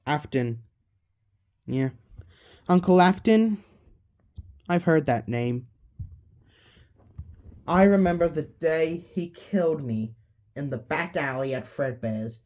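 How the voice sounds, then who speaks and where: A woman voicing a ghost girl trapped inside a puppet, speaking in a low, subdued, mournful way. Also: expressive, takes it slowly, pauses often, a little mellow. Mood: somber.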